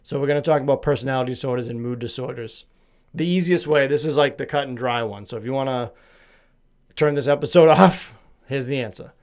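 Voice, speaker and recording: A man's voice: mid-range voice, fairly quick, a little mellow. A man from Massachusetts hosting a solo podcast, chatting casually in a rambling, self-deprecating, jokey way with a slight lisp. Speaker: podcast host.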